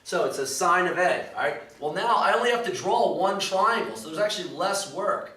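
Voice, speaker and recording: A man with a high, sharp-toned voice and lively intonation moves at a moderate pace through a recorded math lesson, miked from a distance. He handles each problem step by step and keeps checking in with "okay" and "all right." The space echoes, the voice is somewhat off-mic, and background noise comes through clearly.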